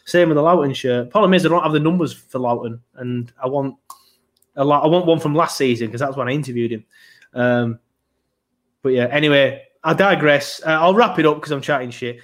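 A rambling podcast host, chatting casually about his club and swearing freely. His voice sits a touch high for a man, and he laughs easily between thoughts. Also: a little fast. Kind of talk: casual chat.

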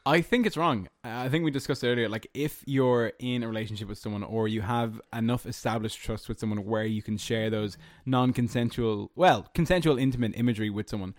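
A young man with an Irish accent hosts a loose chat among friends, musing out loud and circling back with lots of "like" and "you know". His voice sits at an ordinary middle pitch. The sound is dry and close, with no room around it. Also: fairly quick, few pauses, no echo. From Ireland. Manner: rambling, reflective, full of fillers. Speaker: podcast host. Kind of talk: casual chat.

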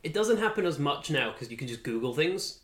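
A man co-hosting a podcast, retelling stories in a rambling, animated casual chat. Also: on the high side, a little fast. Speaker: podcast co-host. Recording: echoey room.

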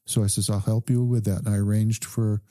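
A man, a doctor guest on a podcast, calmly telling a story and quoting the people in it. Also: fairly low pitch, dry recording, studio quality. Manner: calm, measured recounting with quoted dialogue. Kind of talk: conversational storytelling.

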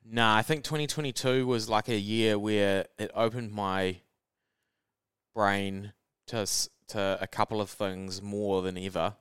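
A man's voice: on the low side, fairly even intonation, a little slow, a bit bright, clear, resonant tone, no room sound. A young man with a New Zealand accent, co-hosting a podcast in laid-back, joking casual chat and swearing casually. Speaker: podcast co-host.

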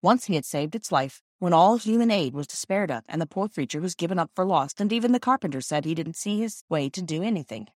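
Lowish-voiced woman narrating a classic children's book. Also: expressive, fast, few pauses, a little mellow, no echo, studio quality. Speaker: audiobook narrator. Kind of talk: scripted narration.

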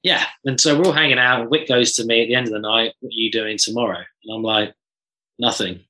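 A man, a drummer telling stories in an animated, casual chat and swearing freely. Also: medium pitch, fast, poor audio. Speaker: drummer guest.

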